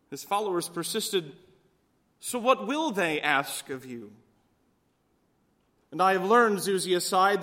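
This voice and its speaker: A man's voice: sits high, lively intonation, takes it slowly, long pauses, bright, forceful tone. A male pastor preaching a sermon, telling stories and voicing the people in them. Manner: storytelling with voiced quotes.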